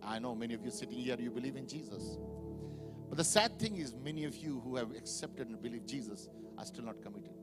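A man's voice: mid-range voice, lively intonation, a little fast. Fervent male pastor preaching over music. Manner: preaching, building from quiet to loud and fervent. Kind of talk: sermon. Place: church sanctuary with live congregation.

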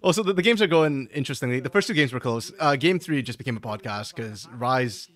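A man's voice: mid-range voice, lively intonation, fast talker, fairly bright tone. A man co-casting an esports stream in a laid-back, wry casual chat. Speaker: esports co-caster.

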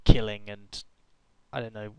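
A man's voice: on the low side, level tone, a little slow, vocal fry, heavy background noise. A young man giving rambling, joking commentary while playing a game, with random outbursts and hummed tunes. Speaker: gaming YouTuber. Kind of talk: casual gameplay commentary.

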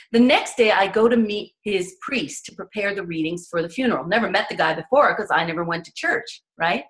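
A woman author is the guest on an interview and tells her stories with a lot of drive. She speaks earnestly and with emphasis, and she acts out the voices of the people she describes. Her voice sits at an ordinary middle pitch. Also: a bit bright. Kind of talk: animated personal storytelling.

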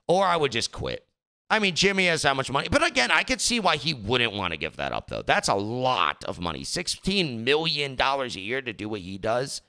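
A man's voice: medium pitch, wildly swooping pitch, moderate pace, sharp tone. A man hosting a casual commentary chat, ranting in an exasperated way and stumbling over repeated words as he gets worked up.

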